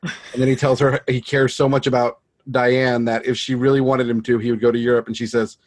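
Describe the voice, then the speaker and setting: A man co-hosting a podcast in casual chat, speaking haltingly with many pauses. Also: medium pitch, flat delivery. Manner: halting, many ums and uhs. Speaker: podcast co-host.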